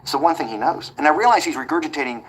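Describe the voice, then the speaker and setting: A man being interviewed, telling a long anecdote quickly and acting out the quoted back-and-forth. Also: a little high, lively intonation, slight background noise, low-quality recording. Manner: rapid anecdotal delivery that acts out quoted dialogue. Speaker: interview guest. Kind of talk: storytelling in a conversational interview.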